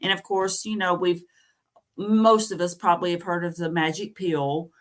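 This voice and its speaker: A woman with a fairly low-pitched voice hosts a casual conversation. She listens supportively, offering frequent brief affirmations before adding her own thoughts. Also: steady tone, normal speed. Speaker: host. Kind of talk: casual chat.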